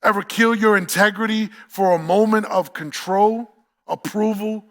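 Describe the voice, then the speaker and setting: A man's voice: high voice, normal speed, a bit bright. A man with a New York accent preaching a sermon as pastor, emphatic, repeating key phrases and asking the congregation questions.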